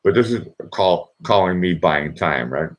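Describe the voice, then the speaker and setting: A man with a Boston accent hosts his own livestream and chats in a loose, meandering way, cracking jokes and trailing off into "uh"s. His voice sits very low. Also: lively intonation, unhurried. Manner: chatty, joking, meandering with many fillers. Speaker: livestream host. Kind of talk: casual rambling monologue. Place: indoors in Vienna.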